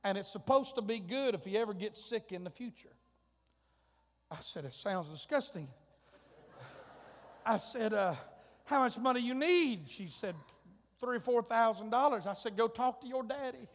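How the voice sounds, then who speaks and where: A man preaching a sermon, telling a comic family story in a folksy way, his voice rising to shouts and drawing out words for emphasis. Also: very high voice, lively intonation, normal speed, long pauses. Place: church sanctuary. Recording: long hall reverb.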